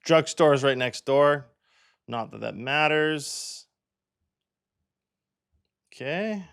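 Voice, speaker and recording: Chatty gravelly-voiced man touring listings. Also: fairly high pitch, drawn-out words, a bit bright. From Canada. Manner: chatty, thinks aloud, frequent fillers. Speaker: real estate agent. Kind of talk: casual listing walkthrough.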